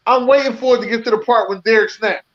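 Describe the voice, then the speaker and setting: A podcast host telling a story casually, animated, profane and full of laughter. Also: medium pitch, fast, lo-fi sound.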